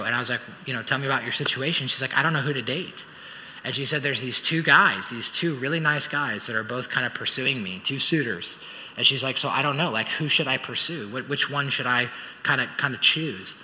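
A man preaching a sermon as pastor, telling stories with animated, acted-out voices. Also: medium pitch, fairly quick. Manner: animated storytelling, acts out voices. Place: church auditorium. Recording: church hall reverb.

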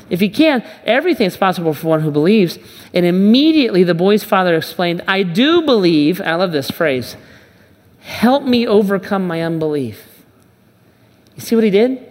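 A pastor giving a conversational sermon, restarting and repeating phrases and acting out the Bible dialogue. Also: mid-range voice. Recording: long reverb of a large hall.

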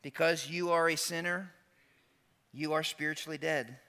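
Pastor guy preaching, high-pitched and bright, goes quiet then gets loud, lots of rhetorical questions. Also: fairly even intonation. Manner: dynamic preaching with rhetorical questions and dramatic pauses; swings between hushed and emphatic. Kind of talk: sermon.

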